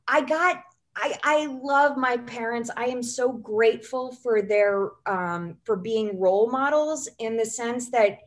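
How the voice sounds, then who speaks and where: A woman, a writer and goals coach, talking as a podcast guest and telling long, chatty stories full of "you know" and "like". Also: a little high. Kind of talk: casual interview chat.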